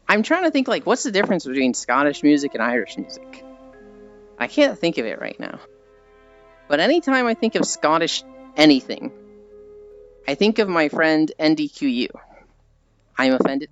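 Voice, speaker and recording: A man's voice: a little high, huge pitch swings, moderate pace, pauses often. An American man chatting casually on a live stream, rambling and reading chat aloud. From United States. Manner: rambling, chatty, laughs at own stories. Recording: dull lo-fi audio with faint background music.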